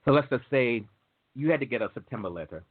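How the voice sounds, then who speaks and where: A man with a medium-pitched, breathy voice talks fast with lively intonation. As host of a casual show about entry waivers, this waiver consultant chats, wanders off topic, and acts out quoted conversations. The recording has a thin, phone-like quality.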